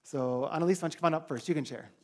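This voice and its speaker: A man's voice: fairly high pitch, very fast. Male trip leader, chatty and casual, telling a church crowd about the trip. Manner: chatty, animated when quoting others. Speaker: mission trip leader giving a church report. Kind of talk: casual storytelling to a congregation.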